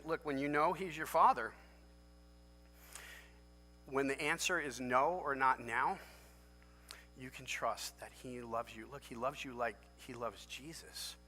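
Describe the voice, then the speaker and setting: A man preaching a sermon as pastor, emphatic and animated, jumping to loud high lifts for emphasis. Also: normal speed, slight background noise. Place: large church sanctuary. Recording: long church hall reverb.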